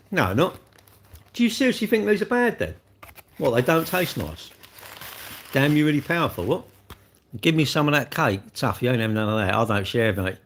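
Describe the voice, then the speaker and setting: A man chats in a loose, cheeky ramble on a home livestream. He talks with his mouth full and answers viewers as he goes. His pitch sits in an ordinary middle range. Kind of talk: casual livestream chat while eating.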